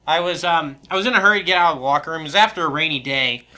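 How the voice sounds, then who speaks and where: Very fast and fairly high-pitched, this young podcast co-host's voice sounds pushed and bright. He laughs a lot while animatedly telling stories in a casual chat.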